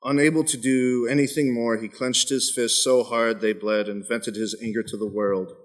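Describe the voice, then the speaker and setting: A man reading an excerpt of his fiction aloud at an open mic night, in a steady, dramatic narrating manner. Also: medium pitch, moderate pace.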